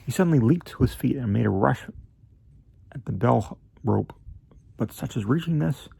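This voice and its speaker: A man narrating a classic story in a measured, slightly theatrical way, with an occasional slip of the tongue. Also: medium pitch, expressive, vocal fry, warm tone, slightly rough, dry recording. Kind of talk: amateur reading of a classic story.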